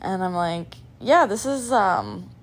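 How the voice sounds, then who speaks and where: A young woman hosts a casual podcast, rambling in a scattered, chatty way with plenty of "like" and "um." She speaks slowly in a medium-pitched, sing-song voice.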